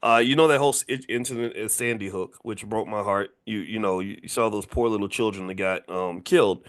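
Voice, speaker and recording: A man's voice: on the low side, a little fast, fairly bright tone. A man in his fifties giving a casual, emphatic lecture as a finance educator, repeating key points and firing off rhetorical questions at his audience.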